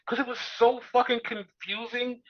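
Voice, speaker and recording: A man co-hosting a casual wrestling review chat, telling events in an animated, profane, exasperated way. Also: very high-pitched, normal speed. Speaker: podcast co-host. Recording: dull lo-fi recording.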